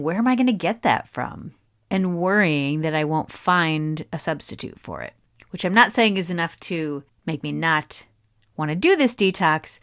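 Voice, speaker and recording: Solo podcast host, woman in her thirties, lower voice, conversational and reflective. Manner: chatty, musing, with asides and laughs.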